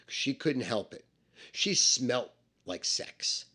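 A man telling a story about his own past in an animated, emphatic way, with lots of swearing and repetition. He explains things step by step and repeats the numbers. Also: mid-range voice, takes it slowly, husky. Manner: emphatic and profane, with many repetitions.

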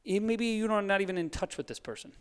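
Guy preaching, gets soft then pumped up, jokes around, big echoey hall. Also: high-pitched, a little fast, clear, resonant tone. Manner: swings between soft hushed lines and fired-up urging; playful, laughs at his own jokes. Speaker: pastor. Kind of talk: sermon. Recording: long hall reverb.

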